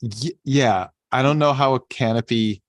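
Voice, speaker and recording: A man's voice: medium pitch, moderate pace, no room sound. A man co-hosting a podcast in casual chat, rambling loosely and swearing offhandedly. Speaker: podcast co-host.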